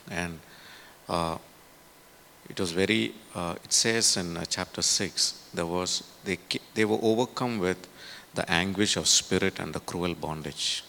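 A man's voice: low-pitched, fairly even intonation, normal speed, creaky, bright, forceful tone, slight background noise. A man preaching a sermon in a conversational way, with many fillers and tag questions.

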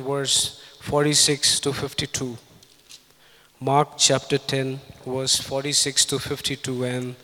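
Slow-speaking preacher in a reverberant hall. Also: male voice, medium pitch, sharp tone. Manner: slow, halting delivery with fillers and repeated phrases. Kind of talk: sermon with scripture reading.

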